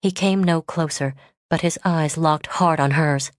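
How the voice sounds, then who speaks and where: Woman narrator, low voice, measured audiobook reading, dry booth sound. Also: no echo. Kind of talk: scripted narration.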